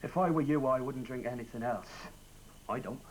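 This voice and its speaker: An actor playing a laconic local farmer whose family has farmed the land for generations, in a scripted language-course drama. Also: male voice, mid-range voice, normal speed, slight background noise, close to an everyday voice, poor audio. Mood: dry. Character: older male farmer, lifelong local.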